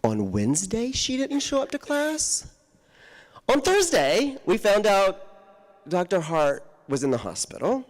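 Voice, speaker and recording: A man telling a personal story to an audience on a handheld mic, animated and often laughing as he acts out the people in it. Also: high voice, a little slow. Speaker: guest author speaker. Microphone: handheld microphone.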